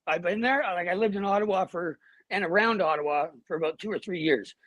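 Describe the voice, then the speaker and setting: A middle-aged man, a guest telling a personal story in an animated, blunt way and swearing freely. He talks on earbuds over a video call from home. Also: sits high, a little fast, dry recording, dull audio. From Canada.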